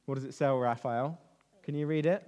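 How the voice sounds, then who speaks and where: A man leading an interactive Bible lesson for children, lively and constantly asking them questions. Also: medium pitch, a little fast. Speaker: children's talk leader. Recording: reverberant hall.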